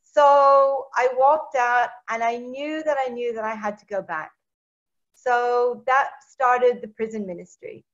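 A woman sharing her personal testimony as an interview guest, her voice a touch higher than most. She brings her story to life by acting out the lines of the people in it. The recording sounds dull and lo-fi. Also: measured pace. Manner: lively storyteller who acts out quoted dialogue.

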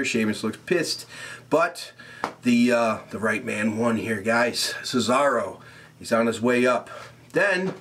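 A young man casually recapping a wrestling show, animated and rambling, swearing often and laughing at his own remarks. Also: medium pitch.

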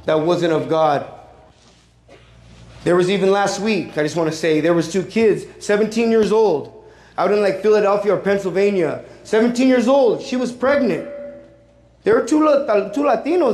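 A man's voice: high voice, darkish tone. A middle-aged man giving a personal testimony to teens as a Catholic youth speaker, emphatic and full of street slang, repeating key phrases. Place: large room with a teen audience. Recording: echoey room.

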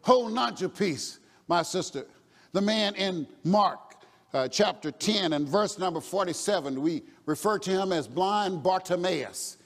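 A man preaching a sermon in call-and-response style, now and then shouting or chanting his refrains. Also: high voice, measured pace, in a large hall.

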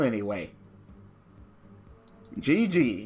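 A man's voice: mid-range voice, expressive, normal speed, breathy edge. A young man hosting a gaming channel, commenting live on a card game and ranting with heavy swearing when things go wrong. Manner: frustrated ranting, heavy swearing, rising to shouts.

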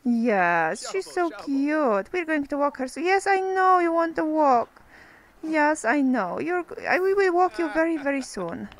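Woman gamer, high bouncy voice, chatty play-by-play. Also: very animated, unhurried, low-quality recording. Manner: chatty, talks to game characters, exclaims over cute moments. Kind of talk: casual gameplay commentary.

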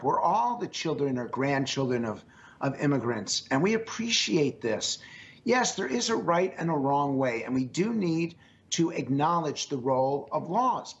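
A man's voice: a little high, lo-fi sound. A man speaking as a guest in an interview, earnest and emphatic, with a strained voice, often repeating his phrases. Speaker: pollster guest. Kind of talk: remote interview answers.

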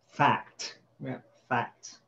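A man's voice: drawn-out words, a bit bright, dull audio. A man tutoring a child in spelling, patiently repeating each word and sounding out its vowels. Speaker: home tutor.

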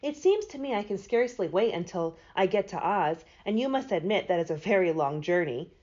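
A polite, longing man made of tin in a storybook, as a woman reading aloud puts him on, his voice lively in pitch. The sound is dull and lo-fi. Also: a little fast, natural voice. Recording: dull lo-fi recording.

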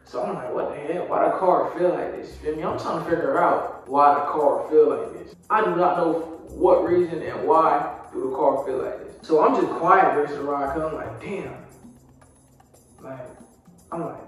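A young man with a fairly high voice spins a loose, slangy story for his viewers, dropping fillers as he goes. He sits back from the mic in a very echoey room. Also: normal speed, distant mic, soft background music. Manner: casual, slang-heavy storytelling with frequent fillers. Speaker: vlogger. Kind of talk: storytime vlog.

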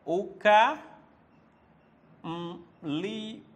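A man teaching a language lesson, repeating words slowly and quizzing the listener as he goes. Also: high-pitched. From Tanzania. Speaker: Swahili teacher.

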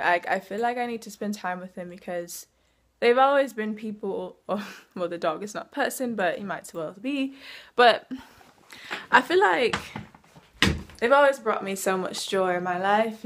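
A woman's voice: medium pitch, a little hiss or hum. Young woman rambling in a put-on British accent. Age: young adult. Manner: rambling, many fillers. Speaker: vlogger. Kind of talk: casual vlog talk. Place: in her car.

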